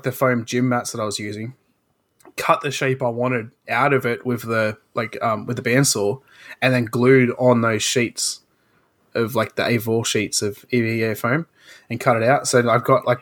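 A man co-hosting a casual podcast, talking in a relaxed, rambling way with many fillers. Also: mid-range voice, moderate pace. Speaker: podcast co-host.

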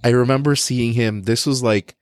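A man's voice: medium pitch, steady tone, moderate pace, dry recording, studio quality. A man co-hosting a podcast, telling stories in casual, profane chat and imitating the people he quotes. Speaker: podcast co-host.

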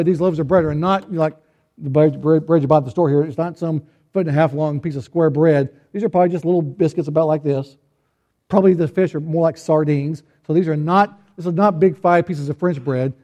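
Folksy preacher, mellow higher male voice. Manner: folksy and humorous, with rhetorical questions to the congregation; frequent restarts and repeated words. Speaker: pastor. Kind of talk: conversational sermon.

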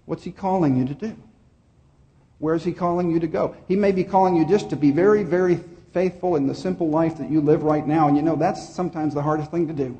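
A man's voice: on the high side, brisk, dark tone, in a large hall, lo-fi sound. A male pastor preaching a sermon and then leading a prayer. He speaks earnestly and repeats key phrases for emphasis.

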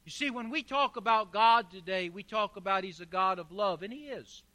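A man's voice: high voice, moderate pace, pushed and bright. A man preaching a sermon as pastor, emphatic, with rhetorical questions and repeated phrases.

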